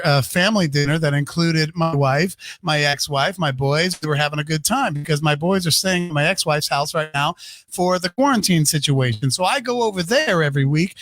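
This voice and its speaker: A man's voice: high voice, fairly bright tone. A middle-aged man co-hosting a podcast, launching into a heated, swear-filled rant and repeating himself for effect. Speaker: podcast co-host. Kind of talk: profane comedic rant. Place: home studio during a live stream.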